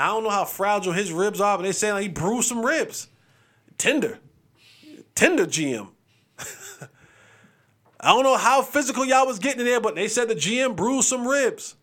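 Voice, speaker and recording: A young adult man hosting a casual sports podcast, joking, animated and restarting his sentences often. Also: very high-pitched. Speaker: podcast host.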